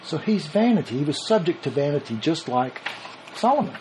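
A man preaches in an easy, conversational style, his voice set somewhat high and swinging widely in pitch. He reasons aloud, often starting a phrase over before pressing his point. A faint hum of ambience sits behind him. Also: big pitch swings, brisk. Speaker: Bible teacher. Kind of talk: sermon.

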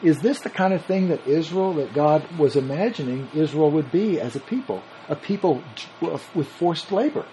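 A man preaches in an easy, conversational style, his voice set somewhat high and swinging widely in pitch. He reasons aloud, often starting a phrase over before pressing his point. A faint hum of ambience sits behind him. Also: lively intonation, moderate pace, warm tone, rough recording. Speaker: Bible teacher. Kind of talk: sermon.

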